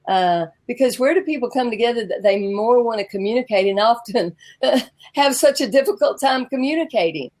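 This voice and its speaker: A Southern woman in a relaxed interview, chatty and animated and quick to laugh. Her voice sits a little on the higher side. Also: low-quality recording. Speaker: interview guest, founder of a personality tool. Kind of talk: casual interview talk.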